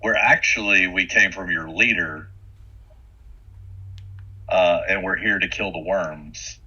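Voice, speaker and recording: A man's voice: sits low, takes it slowly, sharp tone, husky. A man playing a tabletop game, speaking in a matter-of-fact planning tone. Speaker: player. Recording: muffled lo-fi mic.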